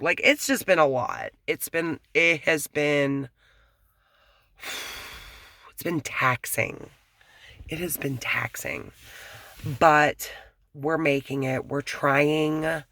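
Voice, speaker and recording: A woman vlogging casually from her apartment, rambling and frank, swearing and sometimes dropping to a hush. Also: low-pitched, no room sound, clean studio sound. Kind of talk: casual talk to camera. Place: apartment at home.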